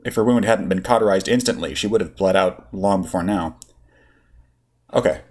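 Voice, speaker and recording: A man reads a fan fiction story aloud. His voice sits a little low, and his narration is steady and expressive between the voices he puts on. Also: fairly quick. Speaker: audiobook reader.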